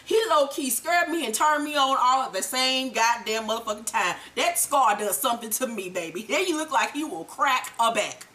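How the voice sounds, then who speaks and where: A woman giving a blunt, animated, profane TV episode recap as host. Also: on the high side, normal speed, hardly any pauses.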